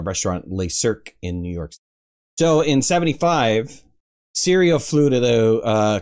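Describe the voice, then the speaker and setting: A man's voice: lowish voice, a little mellow. A man hosting a casual cooking tutorial, chatty and joking, with self-mocking asides. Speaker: cooking show host.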